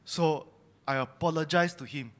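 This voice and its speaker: A man's voice: a little high, moderate pace, a bit bright. A young man giving a personal testimony sermon at church, telling his story candidly and confessing his own faults. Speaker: church speaker sharing testimony.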